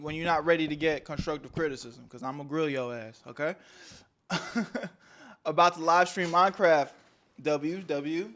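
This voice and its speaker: A young man hosting a casual livestream, bantering loosely with his chat and swinging between loud calls and mumbled asides. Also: fairly high pitch. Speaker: streamer.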